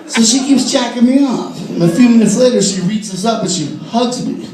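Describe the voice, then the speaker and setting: A man doing a live stand-up routine on a bar stage, profane and animated, shouting his punchlines. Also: very high-pitched, normal speed, background noise. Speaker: stand-up comedian. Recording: echoey bar, distant mic, loud crowd laughter.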